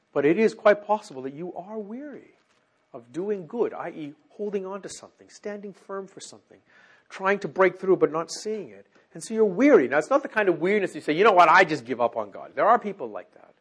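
A man with a slightly high, husky voice preaches to his congregation in a church. His delivery is earnest and exhorting, sinking to quiet, near-murmured phrases before building back up. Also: animated, a little fast. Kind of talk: sermon with prayer.

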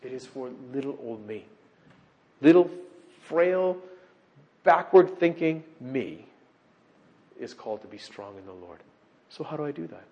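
A middle-aged man preaching a sermon, emphatic, swinging from loud declarations to quiet asides and asking repeated rhetorical questions. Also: medium pitch, animated, measured pace, pauses often, dull audio. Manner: emphatic, rising and dropping sharply in loudness, with repeated rhetorical questions.

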